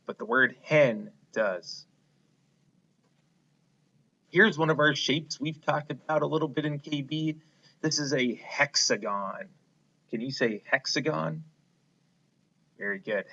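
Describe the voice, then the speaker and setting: A man's voice: mid-range voice, sharp tone, dull audio. A man teaching a phonics lesson to young children, patient and encouraging, asking them to repeat words after him. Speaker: kindergarten teacher.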